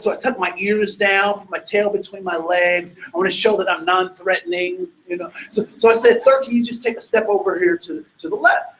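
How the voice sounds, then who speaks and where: A man telling a personal story to an audience in an animated way, stammering into restarts and breaking into sudden loud bursts. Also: sits high, rough recording.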